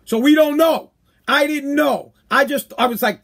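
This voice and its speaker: A man's voice: extremely high pitch, normal speed, creaky, fairly bright tone. A man hosting his own live-stream podcast, talking in a brash, emphatic, self-mocking way and calling listeners "bro.". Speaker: podcast host. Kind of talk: casual live-stream monologue.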